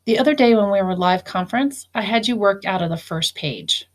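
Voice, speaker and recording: A woman's voice: mid-range voice, expressive, brisk. A woman teacher giving a recorded phonics lesson, spelling words out letter by letter and explaining each syllable.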